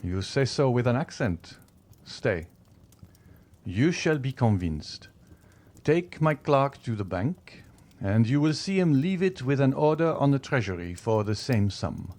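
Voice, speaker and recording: A man's voice: mid-range voice, expressive, a little slow, darkish tone. A man voicing a proud, greedy banker in an audiobook, with a boastful, self-satisfied manner. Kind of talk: audiobook character reading.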